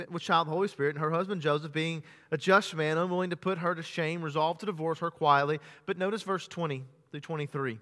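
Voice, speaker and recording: A man with a high, bright, ringing voice preaches a sermon in a church, with a long reverb trailing after his words. He repeats words as he builds up, calls his listeners "beloved," and swings between hushed, low stretches and loud, raised preaching. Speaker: pastor. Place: church sanctuary during a morning service.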